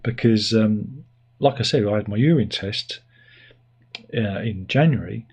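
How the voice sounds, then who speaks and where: A man's voice: lowish voice, unhurried, long pauses, a little mellow, slightly rough, highs cut off. An English man hosting a casual livestream, rambling and self-mocking as he chats, now and then putting on silly voices. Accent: British (England). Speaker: livestream host. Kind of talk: casual chat.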